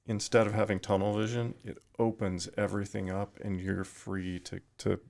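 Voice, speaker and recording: A middle-aged retired firefighter appears as a podcast guest, speaking reflectively in a low, heavily gravelly voice. His tone is level and even, and his pitch barely moves. He is thoughtful and halting, often pausing and restarting his sentences.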